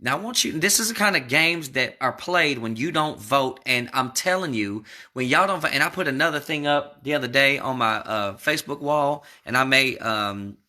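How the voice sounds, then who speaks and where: A man's voice: medium pitch, expressive, normal speed, few pauses, bright, forceful tone. A man giving casual political commentary in a video, rambling and emphatic, speaking straight to his viewers.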